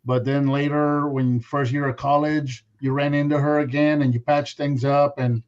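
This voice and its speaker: A man's voice: a little high, flat delivery, darkish tone. Jokey man on a muffled call. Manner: jokey, quick storytelling. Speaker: guest on a livestream. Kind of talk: casual chat over a video call.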